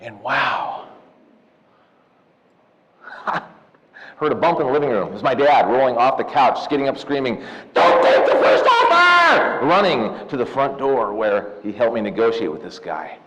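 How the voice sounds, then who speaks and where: A man of about fifty from Southern California, giving a lively, jokey seminar talk and telling stories to loan officers, often calling them "you guys.". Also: fairly low pitch, normal speed, slight background noise. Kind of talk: live seminar talk with personal storytelling. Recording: echoey hall, dull lo-fi sound.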